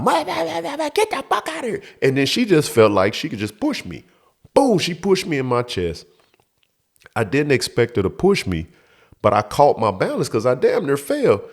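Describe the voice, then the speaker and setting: Speaking in a mid-range voice with big pitch swings and a moderate pace, a man hosting his show recounts a youthful episode. He curses, stresses his points hard, and performs the scene in this monologue.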